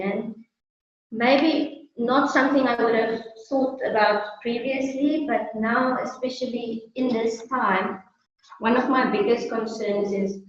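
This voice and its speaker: A South African woman talking as a guest business owner in a friendly, casual interview, laughing often. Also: fairly high pitch. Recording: echoey, distant, muffled sound.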